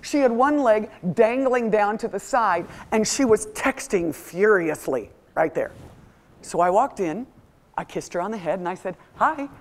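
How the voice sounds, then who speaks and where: A middle-aged woman giving a motivational talk to a live audience, telling stories with lively acted-out voices. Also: medium pitch, normal speed. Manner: animated storytelling, acts out quoted voices. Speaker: motivational speaker.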